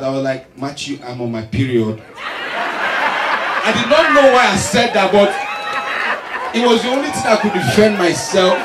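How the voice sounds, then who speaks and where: A man with a Nigerian accent telling a stand-up story, animated and getting loud on the punchlines. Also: high-pitched, heavy background noise. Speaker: stand-up comedian. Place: large live venue stage. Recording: echoey hall, distant mic, loud crowd.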